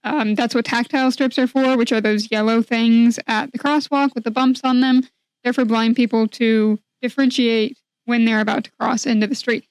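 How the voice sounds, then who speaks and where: A young woman co-hosting a podcast, laying things out in a clear, measured way. Her voice is a little high, smooth and resonant, recorded close and dry. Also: steady tone, no echo, low-quality recording. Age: young adult. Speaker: podcast co-host. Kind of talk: casual chat.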